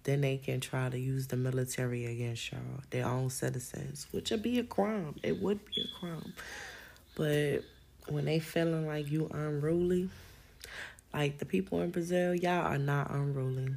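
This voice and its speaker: Low gravelly-voiced woman podcaster. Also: moderate pace. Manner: animated, slangy, laughs often. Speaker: podcast host. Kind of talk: casual monologue to listeners.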